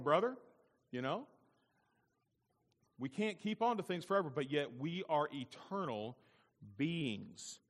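A middle-aged man preaching a sermon as pastor, swelling to loud emphatic peaks and slowing down on key words. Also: fairly high pitch, big-room sound.

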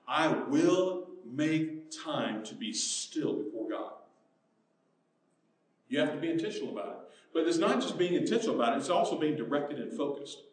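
A male pastor from the United States preaching a sermon, moving between hushed, soft passages and loud, emphatic ones. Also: a little high. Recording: very echoey room, mic at a distance.

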